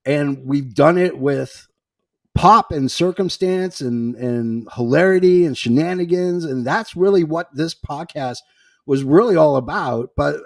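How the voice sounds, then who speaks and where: A man's voice: a little high, unhurried, dry recording, studio quality. A man from Boston hosting a podcast, upbeat and chatty, reading out listener messages. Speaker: podcast host. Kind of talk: casual chat.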